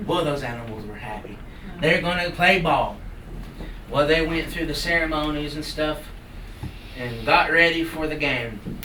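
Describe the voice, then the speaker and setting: A man from the Cherokee Nation telling a traditional story to a live audience in a folksy, animated way with playful sound effects. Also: fairly high pitch, measured pace. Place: live salon event. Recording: roomy hall from far off. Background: audience laughter and room noise.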